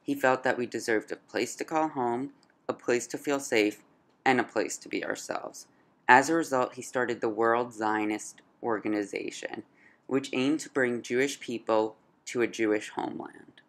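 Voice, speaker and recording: A woman narrating a school history project in a clear, read-aloud way. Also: very deep voice, steady tone, normal speed.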